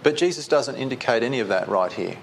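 Questioning preacher, faint hiss. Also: male voice, medium pitch, lively intonation, fast talker, vocal fry. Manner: conversational, asks the listeners questions. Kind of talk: sermon.

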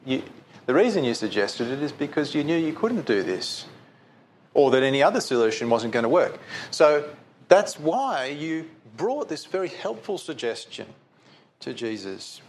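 A man's voice: a little high, big pitch swings, normal speed, a little hiss or hum. A man preaching a conversational sermon that keeps putting questions to his listeners.

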